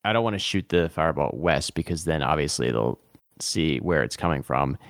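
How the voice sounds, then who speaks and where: Deep-voiced man reasoning through a plan. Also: fairly quick, creaky, dry recording, clean studio sound. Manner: methodical, talks through plans step by step. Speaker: guest player. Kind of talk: tabletop game play.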